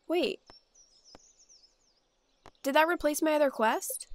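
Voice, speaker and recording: A woman's voice: high-pitched, very slow, darkish tone. A woman casually narrating her gameplay, chatting and exclaiming at the characters on screen. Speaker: let's play gamer.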